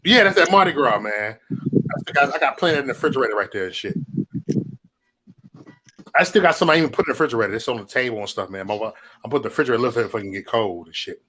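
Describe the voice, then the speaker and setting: A man hosts a casual livestream from his home. He riffs in loose, profane banter that breaks into laughter. His pitch swings widely as he talks. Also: lively intonation, quick pace, sharp tone. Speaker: livestream host.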